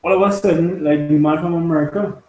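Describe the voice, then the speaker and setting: A man in a casual religious group discussion, telling a story haltingly with many fillers and frequent check-ins with his listeners. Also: on the high side, steady tone, a little mellow, reverberant, low-quality recording. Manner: halting storytelling, many fillers, keeps asking "you understand?". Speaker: discussion participant.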